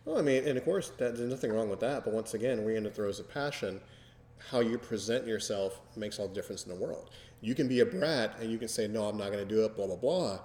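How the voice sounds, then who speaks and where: Low-voiced man in an echoey room. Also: a little mellow. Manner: slow, deliberate, many fillers. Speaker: podcast host. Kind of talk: casual chat. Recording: echoey room with long reverb.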